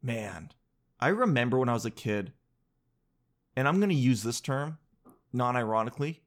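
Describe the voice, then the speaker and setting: A man's voice: mid-range voice, lively intonation, normal speed, long pauses. A man telling comedic stories in a casual, rambling monologue, joking, cutting himself off and swearing freely.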